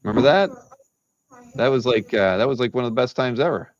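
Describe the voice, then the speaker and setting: A man's voice: mid-range voice, a little fast, no echo, muffled recording. A man hosting a live art-sale stream, chatting casually and rambling with many restarts.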